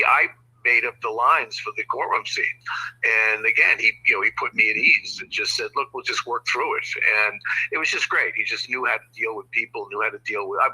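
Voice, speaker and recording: An older man, a guest, telling a story in conversation, halting and restarting with many "you know"s. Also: on the low side, pushed and bright, breathy edge, rough recording. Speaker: guest, former prosecutor.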